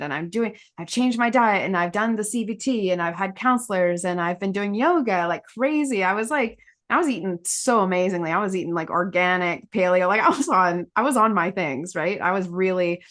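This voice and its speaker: A woman with a slightly low voice chats candidly on a podcast. She rambles with fillers and restarts and laughs often mid-sentence. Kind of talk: conversational podcast chat.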